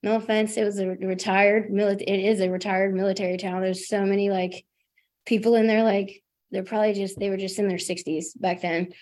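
A young woman talks openly about her recovery at a meeting. She keeps it casual and self-deprecating and fills her sentences with "like" and "you know". Her pitch sits in the middle for a woman. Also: level tone, a little fast, a little mellow. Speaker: recovering alcoholic sharing her story. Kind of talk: candid personal share at a recovery meeting.

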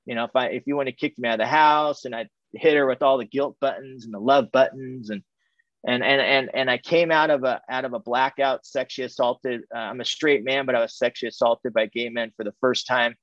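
A man's voice: medium pitch, steady tone, fairly bright tone, no echo. A middle-aged man from California giving a candid personal testimony to a recovery group, repeating phrases and restarting his sentences. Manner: candid, repetitive, halting restarts. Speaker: speaker sharing his recovery story. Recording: dull, muffled, dry sound.

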